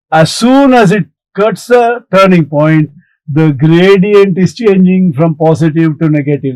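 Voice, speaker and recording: Slow, deliberate male maths teacher. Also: fairly high pitch, darkish tone, no echo, poor audio. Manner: slow, deliberate explaining, talks back to imagined students. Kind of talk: recorded maths lesson.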